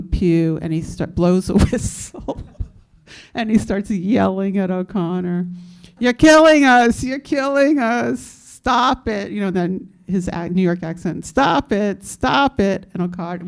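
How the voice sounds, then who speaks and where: A woman's voice: lowish voice, mellow. A woman in her fifties speaking on a panel, telling stories from her activist past in a candid way, with fillers and laughs. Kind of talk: recounting activist history on a panel.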